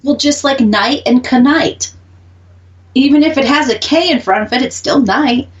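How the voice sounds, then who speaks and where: A woman's voice: sits high, normal speed, distant mic, highs cut off. A woman with an Oklahoma accent co-hosting a radio show, chatting casually and laughing often. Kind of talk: casual chat.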